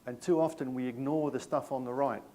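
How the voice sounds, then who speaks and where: A middle-aged man with a New Zealand accent runs a live staff training session, talking with an audience at a medium pitch. He keeps it conversational and tells anecdotes with a self-mocking humour. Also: fairly even intonation, brisk, dark tone. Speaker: workshop presenter.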